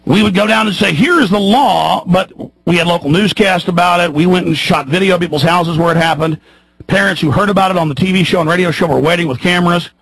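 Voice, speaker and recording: Gravelly high-ish guy ranting hard on his radio show, husky, dry studio sound. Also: fairly even intonation, quick pace, dry recording, poor audio. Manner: fiery, ranting, swings from loud shouts to low mutters. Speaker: radio talk show host. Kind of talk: heated radio monologue.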